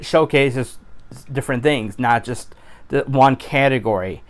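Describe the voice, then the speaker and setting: Man, casual vlog, earnest, rambling, smooth clear voice, middle pitch. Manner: rambling and earnest, with frequent restarts; animated exclamations of his catchphrase. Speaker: YouTuber.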